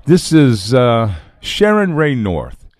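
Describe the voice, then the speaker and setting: A man's voice: mid-range voice, very animated, takes it slowly, a little mellow, no echo, clean studio sound. A man hosting a radio show, chatting casually between songs and laughing at himself. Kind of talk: casual on-air chat.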